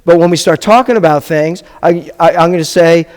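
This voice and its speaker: A rabbi teaching a beginners' Hebrew class, patiently sounding out syllables and checking that the class is following. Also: male voice, a little high, brisk, darkish tone. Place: congregation classroom or hall. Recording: long reverb of a hall.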